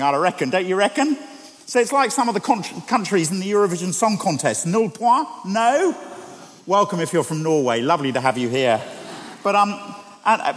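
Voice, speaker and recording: A man preaching a sermon as a church staff member, chatty and conversational, asking the congregation rhetorical questions. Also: sits high. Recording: long church reverb.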